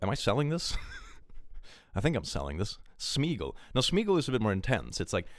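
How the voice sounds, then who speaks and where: A man's voice: fairly low pitch, wildly swooping pitch, normal speed. A young man chatting casually on a live stream, joking and laughing often.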